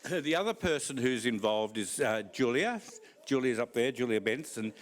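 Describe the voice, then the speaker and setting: A man from Australia with an Australian accent, giving a conference talk and speaking slowly and clearly for a foreign audience. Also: medium pitch, expressive.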